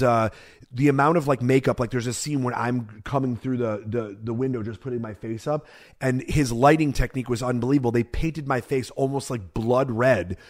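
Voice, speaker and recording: Rambling man telling stories on a podcast. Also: mid-range voice. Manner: rambling storyteller, lots of fillers and restarts. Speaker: podcast co-host and comedian. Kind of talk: casual chat.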